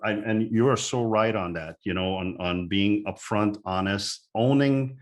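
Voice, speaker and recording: A man hosts a business podcast in a casual, friendly back-and-forth. His voice sits fairly low. He stumbles and repeats words as he gathers his thoughts. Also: unhurried. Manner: affirming, stammering restarts. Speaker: podcast host. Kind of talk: casual interview talk.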